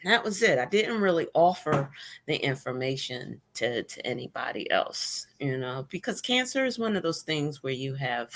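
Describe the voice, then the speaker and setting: Low-voiced woman telling her story candidly. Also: sing-song, moderate pace, slight background noise. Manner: candid and self-deprecating, with wry humor. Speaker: guest, cancer survivor blogger. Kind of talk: casual emotional conversation. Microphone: remote video call.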